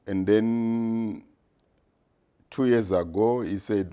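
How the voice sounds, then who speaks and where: A man in his sixties, a retired business executive answering interview questions in a measured, deliberate way with frequent pauses. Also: deep voice, dark tone. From Zimbabwe. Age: 60s.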